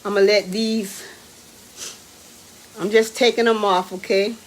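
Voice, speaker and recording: A woman, chatting excitedly to viewers while cooking in her home kitchen. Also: mid-range voice, unhurried. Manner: excitable, exclaims with food, talks to viewers as y'all and baby. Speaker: home cook hosting a live cooking stream. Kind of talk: casual live cooking chat.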